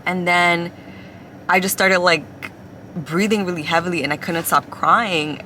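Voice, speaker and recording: A woman's voice: fairly low pitch, steady tone, a little slow, sharp tone, a little hiss or hum. A young woman from Ecuador and the US, confiding in a rambling casual chat to a phone camera inside a car, full of "like" fillers. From Ecuador, then the US. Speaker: vlogger.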